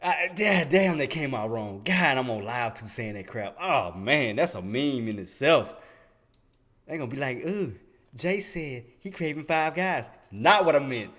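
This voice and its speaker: A man hosting a live trading stream, talking straight to his viewers in loose slang. He laughs often and keeps it casual, in a middle-pitched voice. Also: animated, moderate pace, fairly bright tone.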